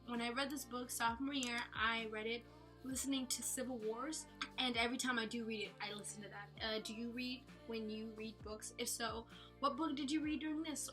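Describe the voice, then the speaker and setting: A woman's voice: sits high, sharp tone. A young woman giving a chatty, giggly book review in a casual vlog.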